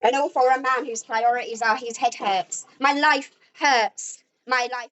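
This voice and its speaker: A woman's voice: a little high, fairly even intonation, a little slow, hardly any pauses, a bit bright, dry recording, lo-fi sound. A woman arguing angrily at home, accusatory and sarcastic. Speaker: vlogger. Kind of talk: heated domestic argument.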